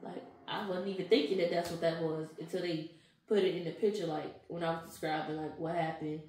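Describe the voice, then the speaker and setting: A brisk, lowish-voiced young woman tells her story during an interview, animated and full of casual slang. She acts out what people said to her. There's echo and faint noise in the recording.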